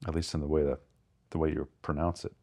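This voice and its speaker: A man co-hosting a podcast, thinking aloud about poems and reading lines of verse slowly with careful stress. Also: a bass voice, flat delivery, creaky, warm tone. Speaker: podcast co-host. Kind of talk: casual literary discussion.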